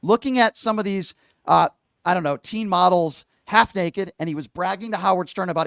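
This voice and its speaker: A man's voice: high-pitched, quick pace, vocal fry, a bit bright, dry recording. A man hosting a political talk radio show, questioning callers in a combative, sarcastic way on a studio microphone.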